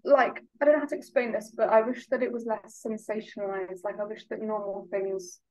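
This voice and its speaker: A woman's voice: mid-range voice, fairly even intonation, brisk, a little mellow, rough recording. A young woman from the UK, a podcast guest, talking hesitantly with lots of filler words. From United Kingdom. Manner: hesitant, lots of "like" and "I don't know". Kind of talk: casual interview chat.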